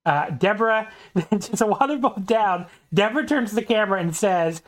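A podcast host casually recapping a match, telling it in an animated way and laughing often. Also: mid-range voice, moderate pace. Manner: animated retelling with frequent laughter.

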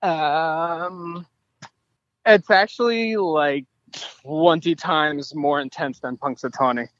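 High-voiced laughing man, dull sound. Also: slow pace, fairly bright tone, dry recording. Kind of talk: casual podcast chat.

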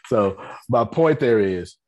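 A man's voice: medium pitch, slightly rough. A man hosting an online business meeting, giving a casual motivational talk, repeating himself and often checking that listeners understand.

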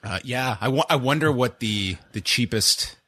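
A man's voice: mid-range voice, expressive, moderate pace, pushed and bright, husky. A man hosting a casual podcast, rambling with dry sarcasm. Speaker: podcast host.

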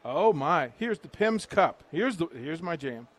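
Unhurried and with big swings in his slightly high pitch, this middle-aged radio host broadcasts live from a restaurant patio. He builds hype with punchy reads of the sponsor's menu.

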